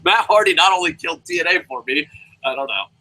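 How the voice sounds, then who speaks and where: A man's voice: on the high side, expressive, fast, bright, forceful tone, rough recording. A young man hosting a casual live wrestling review, ranting profanely and rambling with goofy sound effects. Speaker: wrestling review show host.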